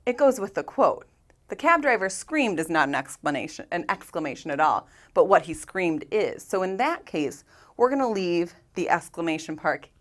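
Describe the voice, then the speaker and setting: A woman with a slightly low voice teaches a grammar lesson. Her pitch moves a lot as she patiently walks through examples step by step and poses rhetorical questions to her students. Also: fairly bright tone. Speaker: English teacher.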